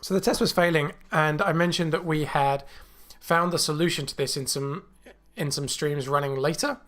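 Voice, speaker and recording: A man hosting a coding livestream, thinking aloud with many fillers and restarts, a little choked and clearing his throat. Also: on the high side, fairly even intonation, moderate pace, a bit bright, soft background music. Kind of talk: casual live coding walkthrough. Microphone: new desk mic.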